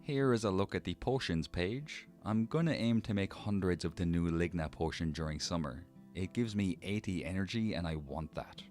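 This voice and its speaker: A low-voiced man with a slight lisp reads a scripted narration over his game footage. His delivery is dry and mock-dramatic, and soft music plays faintly behind him. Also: moderate pace, few pauses. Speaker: gameplay narrator.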